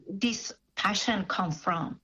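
A woman interviewing a guest on community radio, asking measured questions and giving short affirmations. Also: medium pitch, bright, forceful tone, breathy edge, rough recording.

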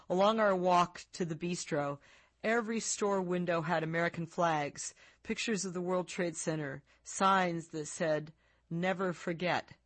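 A woman, an author, reading her own book aloud in a measured, reflective way. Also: on the low side, no echo.

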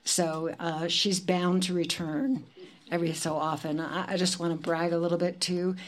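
A woman's voice: lowish voice, level tone, normal speed. A woman hosting a poetry event, speaking in a chatty way with fillers and asides between introductions. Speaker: event host.

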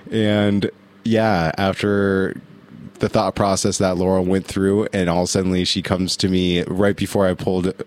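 A man's voice: sits low, flat delivery, a little slow. A man chatting on a radio show in a studio, telling rambling stories and acting out what people said. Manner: rambling storyteller, acts out quotes. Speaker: radio guest. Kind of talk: casual chat.

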